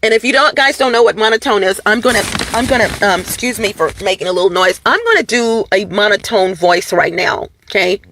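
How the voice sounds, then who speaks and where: A woman's voice: medium pitch, fairly quick, hardly any pauses, background noise. A woman vlogger talking casually and animatedly to her viewers, her voice going up and down. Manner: many fillers and restarts, addresses viewers as "you guys".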